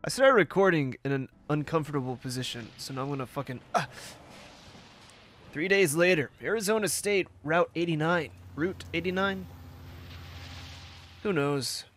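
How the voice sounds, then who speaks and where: A man's voice: on the high side, normal speed, a bit bright. A young man hosting a let's-play video, talking in a casual, rambling way and swearing often, sleepy as he plays. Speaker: gaming video host.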